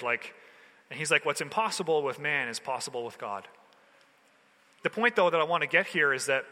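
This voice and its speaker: A man preaching in a relaxed, chatty way, mixing slang into his sermon. His voice is fairly high and very bright and forceful. It rings out with a long hall reverb. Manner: casual, conversational preaching with slang. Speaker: pastor.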